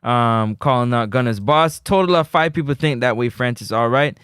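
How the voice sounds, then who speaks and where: A man hosting a live sports talk show, reading out viewer comments and giving shout-outs. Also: mid-range voice, normal speed, clear, resonant tone, dry recording, clean studio sound. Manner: reads chat messages aloud, gives shout-outs. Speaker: host.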